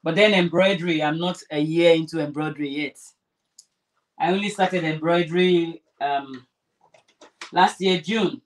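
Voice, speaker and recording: A woman's voice: low voice, a little slow. A woman vlogger chatting casually while sewing, rambling and restarting her sentences. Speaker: crafter vlogger.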